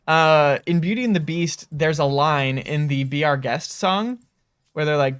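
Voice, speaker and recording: A man's voice: a little high, moderate pace, smooth, dry recording. A man co-hosting a game livestream, chatting casually, rambling off topic and laughing often. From United States. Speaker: livestream co-host. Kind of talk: casual gaming stream chat.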